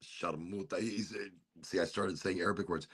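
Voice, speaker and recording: A man hosting a casual podcast chat, telling stories in an animated way and swearing freely. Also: low voice, brisk, husky. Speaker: podcast host.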